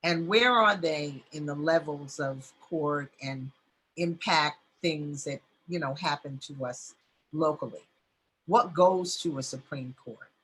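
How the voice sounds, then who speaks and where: Female community news host, bright and slightly husky, conversational with lots of fillers. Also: low-pitched, slow pace.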